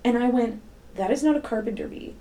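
Brisk and somewhat high-pitched, a young female podcast co-host who teaches middle school tells lively stories in casual chat. Her delivery is full of swearing and acted-out quotes.

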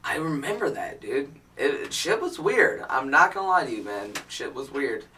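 A young man chats casually on a podcast, his pitch swinging lively up and down as he backs up his friends' stories. He sits a way back from the microphone. Clear background noise and clicks are heard. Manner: lively, agreeable, quick to laugh along. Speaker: podcast co-host. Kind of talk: casual chat. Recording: distant mic with audible noise.

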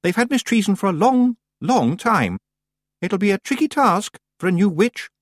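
A man voicing a fussy, nosy middle-aged woman witch in a high, prim audiobook character voice. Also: very animated, moderate pace, dry recording, clean studio sound. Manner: high-pitched, prim, eager.

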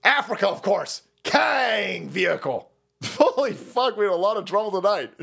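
A man ranting on a livestream, foul-mouthed and excitable, laughing between his remarks. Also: sits high, normal speed, vocal fry. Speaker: streamer.

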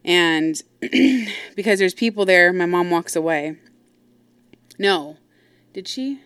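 Low-voiced woman telling a blunt story. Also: animated, slow pace, a bit bright, smooth, dry recording. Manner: blunt, profane, full of asides. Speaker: podcast host. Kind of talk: casual storytelling.

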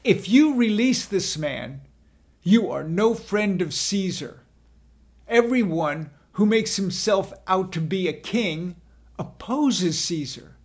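A man voicing an angry crowd of chief priests, shouting demands in a scripture drama. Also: high-pitched, expressive, slow, creaky, pauses often, heavily acted.

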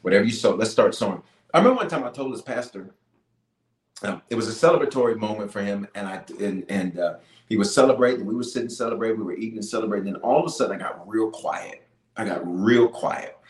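A man's voice: on the low side, fast. A man leading a live-streamed prayer as a bishop, fervent and pleading, repeating his points for emphasis. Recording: roomy echo.

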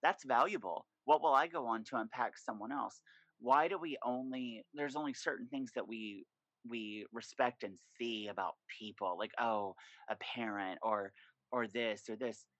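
A man talking as a podcast guest in casual chat, telling stories in an animated, profane way. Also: medium pitch, moderate pace, no echo, low-quality recording.

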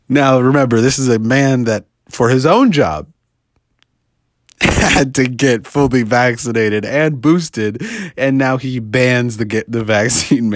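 A man's voice: mid-range voice, dry recording, clean studio sound. A man from the United States giving a casual, sarcastic political rant, laughing often and breaking off mid-sentence.

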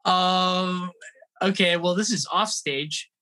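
A man in his thirties tells a tour story as a podcast guest, his voice bright and forward. He talks loosely, restarts often and puts on the voices of people in the story. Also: sits high, takes it slowly. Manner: animated, acts out quoted voices, laughs often. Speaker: guest musician. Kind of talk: casual storytelling.

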